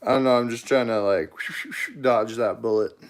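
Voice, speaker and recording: A man's voice: medium pitch, steady tone, moderate pace. A man hosting a livestream of his knife-making shop, chatting easygoing and joking with viewers as he answers their comments. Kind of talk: casual live chat answering viewer comments.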